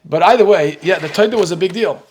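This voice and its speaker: A middle-aged man with an American accent, a rabbi telling lively stories while teaching a Talmud class and acting out the dialogue. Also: high-pitched, fast talker. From United States. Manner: animated storyteller, acts out dialogue, laughs often.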